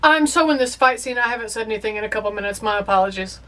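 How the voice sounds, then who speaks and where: A young woman with a high, bright-pitched voice reacts to a movie she's watching for the first time. She is excitable and emotional, talking straight back to the characters on screen. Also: rapid-fire.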